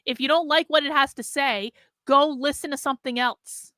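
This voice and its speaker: A woman's voice: high-pitched, fairly even intonation, normal speed, pushed and bright, dry recording. A woman hosting a livestream, reacting to clips with blunt, sarcastic, incredulous commentary. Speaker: host, political commentator.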